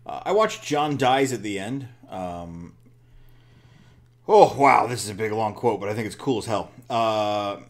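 A man co-hosting a casual movie podcast, his low voice swinging up and down as he talks. He chats loosely and reads film quotes aloud, laughing along the way. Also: lively intonation, measured pace. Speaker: podcast co-host. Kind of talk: casual chat about movies.

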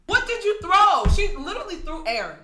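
A woman's voice: very high voice, sing-song, moderate pace, bright, forceful tone. A young woman giving casual, incredulous, sarcastic reaction commentary as a YouTuber. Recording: echoey room with music playing.

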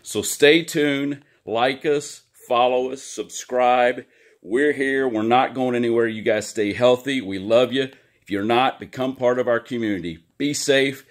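A man's voice: mid-range voice, normal speed. A man hosting his own talk show, giving a chatty, upbeat update to his viewers from his home office, a little out of breath. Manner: upbeat and chatty, talking straight to his audience. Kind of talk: casual video update to viewers.

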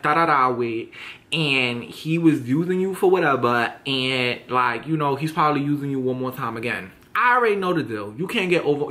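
A man's voice: a little high, bright, forceful tone. Sassy young man ranting a storytime. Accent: New York. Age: young adult. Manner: sassy, dramatic, swearing freely. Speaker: vlogger. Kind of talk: storytime rant.

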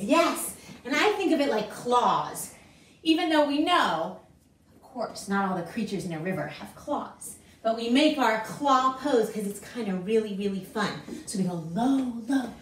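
A woman's voice: fairly high pitch, a little hiss or hum. A woman teaching a children's dance class, upbeat and encouraging, calling out counts and chants. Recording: echoey room from a distance with music.

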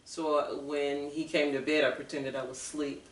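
A woman as an interview guest, telling her personal story in an earnest, halting way with restarts. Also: deep voice, flat delivery. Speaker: guest author. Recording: echoey room, mic far off.

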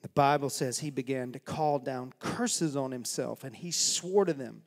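A man's voice: medium pitch, normal speed, hardly any pauses. A male pastor preaching a sermon in a church, telling a story in a dramatic, folksy way. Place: church sanctuary. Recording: long reverb of a church hall.

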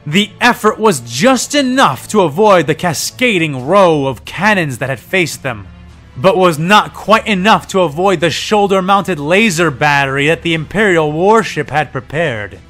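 Male narrator, higher voice, steady reading. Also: unhurried, soft background music. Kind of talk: audiobook-style story reading.

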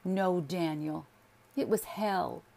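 A woman's voice: takes it slowly, gravelly, dark tone, heavily acted. A woman voicing a lonely, anxious young wife who pleads in a raised, tearful voice, read as a storybook figure. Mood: pleading. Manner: pleading, tearful, higher pitched.

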